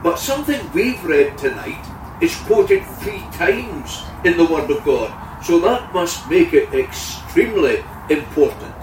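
A man preaching a sermon, earnest, with his voice rising loudly on key words. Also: on the high side, very animated, unhurried, a little hiss or hum. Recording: echoey room heard from a distance.

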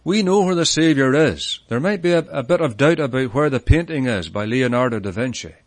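A man's voice: mid-range voice, animated, brisk, dry recording. Earnest preacher man in a tent. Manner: earnest, emphatic, stresses key words. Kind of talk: sermon. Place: large tent meeting.

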